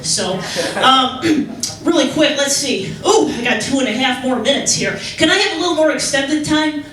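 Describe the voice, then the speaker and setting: A young woman from Chicago doing a stand-up comedy set on a club stage, talking in a rambling, halting way with many restarts. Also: high-pitched, animated, fairly bright tone. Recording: echoey room, mic heard from far off.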